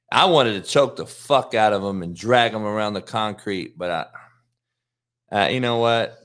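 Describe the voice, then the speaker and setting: A middle-aged man hosting his show, telling a profane, animated story in a casual monologue. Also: lowish voice, moderate pace. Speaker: host.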